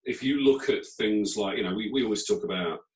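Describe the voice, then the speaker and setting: A man hosting a casual interview and working as a speaking coach, with playful, expressive asides and sudden jumps in pitch. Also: a little fast. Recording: roomy sound from a distant mic.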